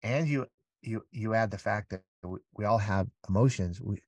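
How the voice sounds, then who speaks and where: A man's voice: on the low side, normal speed, no room sound. A middle-aged man speaking candidly as an interview guest, earnest and rambling, sometimes acting out everyday exchanges. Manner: earnest, rambling, acts out little scenes. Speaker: podcast guest. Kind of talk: candid conversational storytelling.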